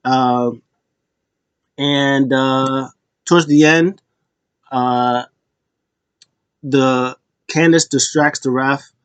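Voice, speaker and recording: A man's voice: mid-range voice, fairly even intonation, extremely slow, pauses often, clear, resonant tone, no room sound. A man casually recapping a wrestling show, rambling with restarts and small chuckles.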